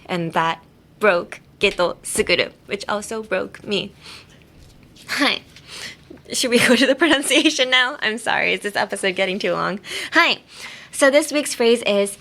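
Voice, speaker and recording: A woman's voice: medium pitch, animated, a little slow, a bit bright. Chatty woman hosting an English lesson. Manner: chatty and rambling, many fillers and self-corrections. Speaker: podcast host teaching English through anime. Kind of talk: casual English lesson chat.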